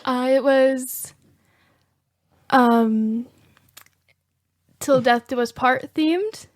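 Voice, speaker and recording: A woman guesting on a podcast, speaking softly and briefly. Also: high-pitched, drawn-out words, no room sound. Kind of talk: casual podcast chat.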